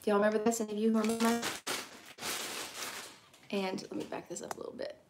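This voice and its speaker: A woman's voice: mid-range voice, flat delivery, fast talker, a little mellow, a little hiss or hum. A middle-aged woman, chatting casually and rambling to live-stream viewers while teaching painting.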